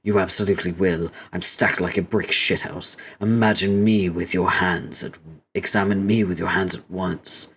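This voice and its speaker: A man's voice: deep voice, steady tone, normal speed, a bit bright, slight background noise. A man voicing a crude, pushy male robot who brags nonstop about his muscles. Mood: boastful pushy. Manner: insistent, crude bragging.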